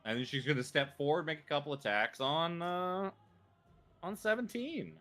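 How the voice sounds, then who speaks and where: A man's voice: fairly high pitch, normal speed, fairly bright tone. A man narrating as game master, rambling loosely with frequent ums and chuckles.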